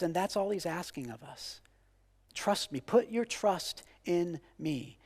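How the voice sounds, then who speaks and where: A man in his forties preaching a sermon with passion, repeating phrases and swinging from loud declarations to hushed, quiet lines. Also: on the high side, creaky, in a large hall. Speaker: pastor.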